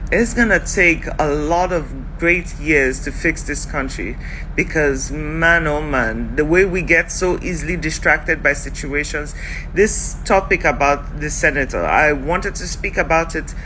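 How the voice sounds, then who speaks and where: Earnest vlogger, woman, bright forceful tone, faint traffic noise behind. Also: low voice, poor audio. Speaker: commentator. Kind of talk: casual vlog commentary.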